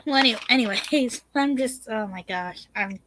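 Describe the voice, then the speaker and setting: A woman in casual chat on a livestream, giggly and excitable. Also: on the high side, moderate pace, a little hiss or hum.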